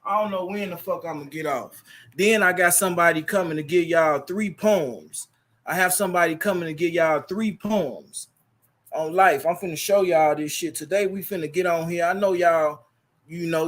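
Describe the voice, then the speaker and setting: A man's voice: a little high, fairly bright tone. A man hosting his livestream, talking casually and preachily and repeating his phrases, into a laptop mic. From Chicago. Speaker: livestream host.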